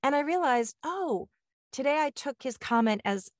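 A woman hosting a casual chat, telling a story in a lively way and acting out the dialogue she quotes. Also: sits high, moderate pace, no echo, studio quality.

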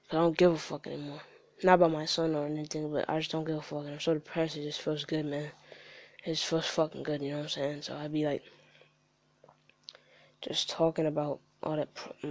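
A man's voice: on the high side, darkish tone, no echo. A young man on a podcast, rambling and frustrated, swearing a lot in heavy slang. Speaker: podcast guest. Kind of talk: candid podcast chat. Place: studio.

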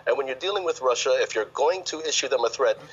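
A man's voice: mid-range voice, lively intonation, fast, slightly rough, lo-fi sound. A man reporting as a financial correspondent on a live news link, speaking in a confident, emphatic way.

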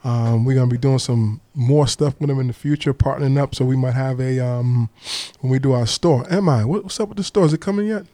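Male podcast host, casual chat, mellow voice, playful. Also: medium pitch, fairly quick, hardly any pauses, dry recording. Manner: laid-back, playful, repeats himself.

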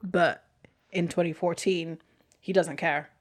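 Unhurried, thoughtful woman. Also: fairly low pitch, steady tone. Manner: thoughtful, hesitant, lots of restarts. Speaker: podcast co-host. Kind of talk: casual chat recapping a TV episode.

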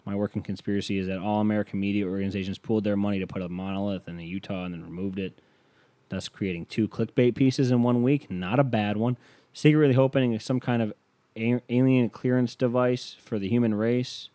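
A man's voice: fairly low pitch, flat delivery, brisk, mellow, no room sound. A man hosting a podcast, chatting sarcastically about the news and swearing casually, then doing a playful sponsor read. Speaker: podcast host.

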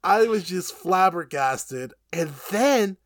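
A man with a slightly raised voice leads a casual anime recap podcast. He talks in an animated, profane way and laughs often. The sound is dry and close, with no room echo. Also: high-pitched, takes it slowly.

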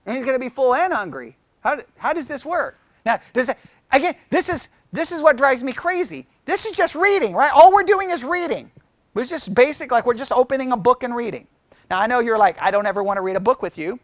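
Middle-aged male Bible study teacher, high voice, dry close mic, lively and conversational with the group. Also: brisk, no room sound. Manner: chatty, animated, asks the group questions.

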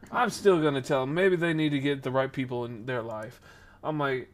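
Pitched on the high side and speaking at a normal speed, a man in his 20s tells a meandering story on a podcast stream. His retelling is lively and casual, packed with filler words.

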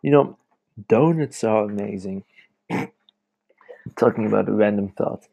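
A man's voice: on the low side, takes it slowly, vocal fry, heavy background noise. A young man hosting a casual late-night podcast from home, rambling and chatty, laughing often as he talks. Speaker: podcast host.

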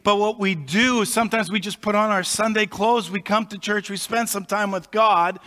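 A male pastor preaching a sermon, explaining in a conversational manner with measured pauses, recorded in a church. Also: high-pitched, fairly even intonation, sharp tone. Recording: long reverb of a large hall.

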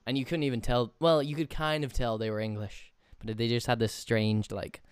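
A young man chatting casually with a friend, relaxed, laughing often and swearing freely. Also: mid-range voice, moderate pace, clean tone, no room sound, studio quality. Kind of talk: casual chat.

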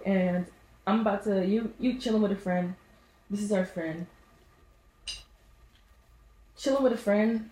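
A woman hosting her own podcast, chatting casually and telling animated stories in which she acts out what people said. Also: mid-range voice, vocal fry, reverberant, rough recording. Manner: animated storytelling, acts out voices in anecdotes. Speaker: podcast host. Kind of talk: casual solo podcast monologue.

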